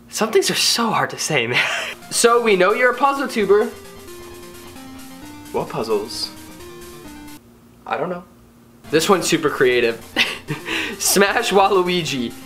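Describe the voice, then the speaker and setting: A man's voice: high voice, bright, forceful tone. A young man casually reading viewer comments aloud and joking about them in a playful, mock-dramatic way. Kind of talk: casual comedic vlog.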